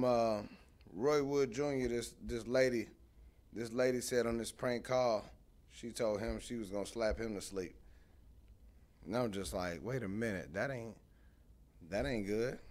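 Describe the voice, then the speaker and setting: A young man, hosting a casual live stream. His speech is animated and conversational, with a mid-range pitch, as he tells stories and calls out to viewers in the chat. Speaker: host.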